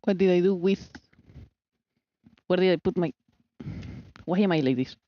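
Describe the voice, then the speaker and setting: A woman with a lowish voice streams herself baking in her home kitchen, chatting at a moderate pace and teasing herself in a scatterbrained way as she talks to herself. The recording has its highs cut off and a slight background noise.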